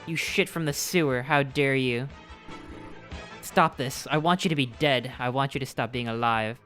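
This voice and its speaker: A man's voice: mid-range voice, normal speed, faint music behind, natural voice. A man reading aloud as an arrogant evil knight who was once a childhood doll, in a melodramatic villain delivery. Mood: panicked. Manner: melodramatic villain reading, swings to panicked shouting. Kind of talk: reading game dialogue aloud.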